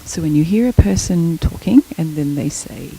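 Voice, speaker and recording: A woman's voice: sits low, animated, normal speed, warm tone, slight background noise, low-quality recording. A middle-aged woman giving an academic lecture, explaining terms and telling a short story from her own life. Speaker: guest lecturer.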